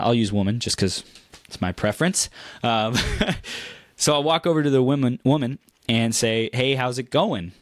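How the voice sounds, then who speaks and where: Man, motivational talk, upbeat, repeats words, laughs at own jokes, mid pitch, dry close sound. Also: no echo. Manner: acts out quoted reactions in a higher voice. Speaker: motivational speaker. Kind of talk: motivational monologue to camera.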